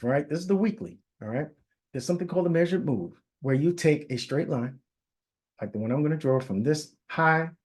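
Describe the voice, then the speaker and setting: A husky-voiced man in an average pitch talks viewers through price charts in a loose, conversational way. He checks in constantly and corrects himself mid-sentence. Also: darkish tone. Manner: conversational, keeps asking "all right?", self-correcting. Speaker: forex market analyst. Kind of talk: casual chart walkthrough.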